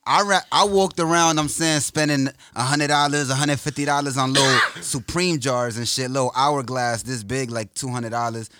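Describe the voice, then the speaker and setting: A man's voice: mid-range voice, fairly even intonation, normal speed, few pauses, pushed and bright, clear, resonant tone. A man who is a poet, guesting on a podcast and telling a joking, slangy story in casual chat.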